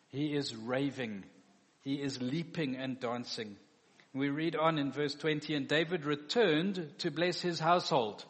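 Male preacher, sermon, fairly high voice, theatrical, long hall echo. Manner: animated, acts out biblical dialogue.

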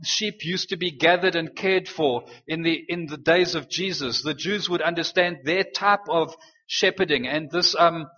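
A man preaching a sermon, slowing down and rising on key phrases for emphasis. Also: a little high, pushed and bright. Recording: dull sound in a long-reverb hall.

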